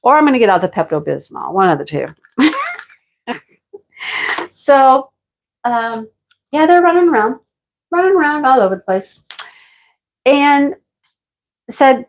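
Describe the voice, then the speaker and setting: A woman's voice: a little high, very animated, slow pace, pauses often, lo-fi sound. A middle-aged woman livestreaming, casually telling a story to her chat, laughing often and answering viewers by name. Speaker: livestream host.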